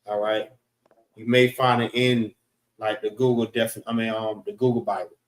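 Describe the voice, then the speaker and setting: A man teaching a class, slowly repeating words and breaking them into syllables. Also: on the low side, level tone. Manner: slow, repetitive, spells out syllables. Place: classroom in a library. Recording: echoey room.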